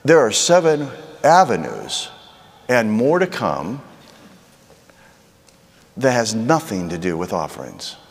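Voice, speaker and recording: A man's voice: on the low side, very animated, slow pace, creaky, pauses often. Guy preaching in a big echoey hall, voice jumps up and down a lot, asks lots of questions. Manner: conversational preaching with rhetorical questions. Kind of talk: sermon.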